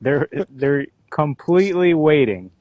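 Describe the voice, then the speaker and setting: A man's voice: on the high side, animated, unhurried, dry recording, lo-fi sound. Easygoing man agreeing in a chat. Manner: agreeable, short affirmations, easy laughs. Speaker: astrology show co-host. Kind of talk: casual spiritual conversation. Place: outdoors.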